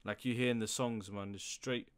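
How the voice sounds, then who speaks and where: A young man giving casual commentary as a music reaction host, slang-heavy and breaking into loud, hyped outbursts. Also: lowish voice, fairly even intonation, moderate pace, clear, resonant tone.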